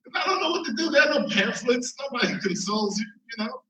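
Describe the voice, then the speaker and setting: Man from Chicago, stand-up comic, high and bright voice, animated, laughs at his own jokes. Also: fast talker. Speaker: stand-up comedian. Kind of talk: stand-up comedy. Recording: roomy, from far mic.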